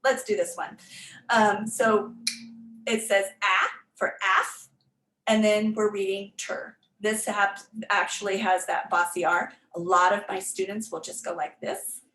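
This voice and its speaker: A woman's voice: mid-range voice, little pitch movement, unhurried, fairly bright tone. A woman literacy tutor giving an online workshop presentation, explaining step by step with frequent ums and restarts. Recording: echoey room.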